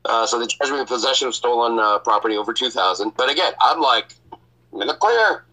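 Man, podcast host, bright voice, casual storytelling, swears, laughs. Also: medium pitch, fast talker, poor audio. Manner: profane, laughs often.

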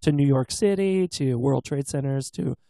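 Man, 30s, casual co-host, gravelly voice, dry close sound, rambling storyteller. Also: medium pitch, normal speed, mellow, no echo. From US West Coast. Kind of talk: casual chat.

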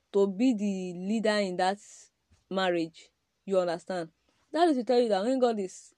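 A woman's voice: medium pitch, mellow, no room sound. Emphatic woman preaching to men. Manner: emphatic, addresses men directly, rhetorical questions. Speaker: podcast speaker on marriage. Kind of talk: preaching-style talk.

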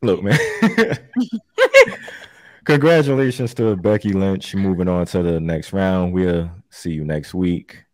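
Low-voiced dude hosting a chill podcast, laughs a lot, curses, dry close sound. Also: male voice, slow pace, darkish tone, no room sound. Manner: laid-back, laughs often, swears freely. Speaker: podcast co-host running the bracket. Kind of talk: casual chat.

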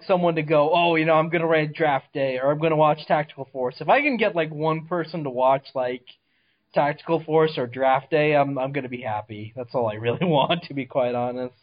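High-voiced man gushing about films. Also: muffled recording. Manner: excited, laughing, swearing, restarts. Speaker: podcast co-host. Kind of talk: casual movie chat.

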